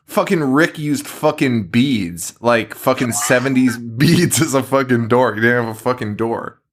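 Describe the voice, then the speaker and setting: A man's voice: mid-range voice, unhurried. Swearing, rambling male podcast co-host. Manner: swears constantly, animated storytelling. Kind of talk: casual chat. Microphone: remote recording.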